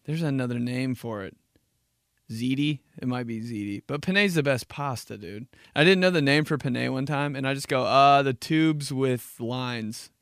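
Young man, podcast host, bright forceful voice, dry close sound, casual swearing monologue. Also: medium pitch, lively intonation, no room sound. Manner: loose, profane storytelling with quick asides.

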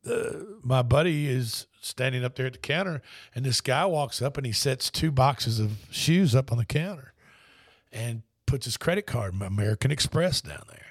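The voice is a man's, medium-pitched and expressive at a normal speed, captured in a dry, studio-quality recording. Hosting sports radio, he spins casual stories that ramble and restart in an easygoing way.

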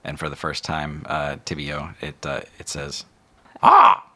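A man's voice: very deep voice, monotone, moderate pace, pushed and bright. A man narrating a tabletop game as game master, rambling with lots of fillers.

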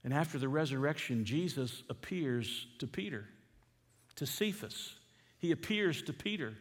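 Preacher, reverberant hall. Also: male voice, animated, normal speed. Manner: reads scripture and asks the listeners questions; swings from loud emphatic questions to low quiet reading. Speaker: pastor. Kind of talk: sermon. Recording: long reverb of a church hall.

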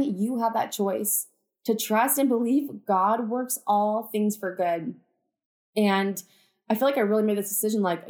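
Fired-up woman podcaster talking faith. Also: medium pitch. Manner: chatty, earnest, lots of "like" and "you guys"; fired-up, declaring with conviction. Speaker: podcast host. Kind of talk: casual faith talk to listeners.

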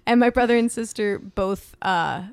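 A woman's voice: medium pitch, moderate pace. A young woman with a New Jersey accent, a podcast guest in casual chat, blunt and jokey with a self-mocking streak.

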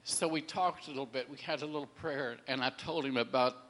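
A man's voice: medium pitch, a little fast, a bit bright. A middle-aged man telling a faith testimony in a casual, rambling way, often repeating words and acting out the people he quotes. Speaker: storyteller sharing a faith testimony.

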